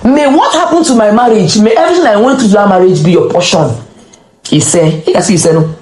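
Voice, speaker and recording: A woman's voice: mid-range voice, a little fast, darkish tone, slight background noise. Woman guest going off at her critics, repeats herself a lot, echoey room. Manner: impassioned, curses critics, repeats phrases. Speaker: interview guest. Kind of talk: emotional conversational interview.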